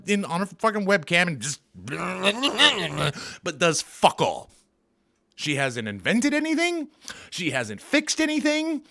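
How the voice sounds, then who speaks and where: A man's voice: sits high, fairly bright tone. A man doing an angry, profane, sarcastic comedy rant as a vlogger.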